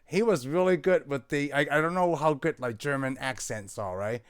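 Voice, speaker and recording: Rambling higher-voiced man talking movies. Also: normal speed, smooth. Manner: rambling, searching for words, lots of "like" and "right?". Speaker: podcast co-host. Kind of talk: casual movie chat.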